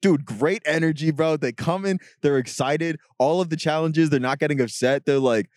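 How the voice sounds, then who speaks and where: A young man co-hosting a podcast, telling stories in a relaxed way with casual slang and easy laughs. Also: fairly high pitch, normal speed, dry recording, studio quality. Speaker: podcast co-host. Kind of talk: casual chat.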